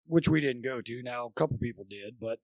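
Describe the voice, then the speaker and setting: Brisk and mid-range in pitch, with no echo, this older podcast guest recounts baseball coaching stories from his days as a college coach. He's an animated storyteller who performs the quotes of the people involved in a relaxed chat.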